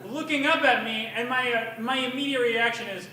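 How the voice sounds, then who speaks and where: A man's voice: very high voice, moderate pace, few pauses, a crowd in the background. A young man doing crude, self-mocking open mic stand-up in a bar, telling his stories with energy. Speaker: stand-up comedian. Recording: echoey bar from far off.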